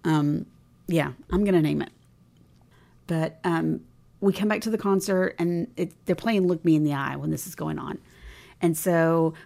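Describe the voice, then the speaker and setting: Podcast co-host, woman, low gravelly voice with a mellow tone, retelling scenes with acted-out dialogue. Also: steady tone, moderate pace. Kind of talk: casual recap chat.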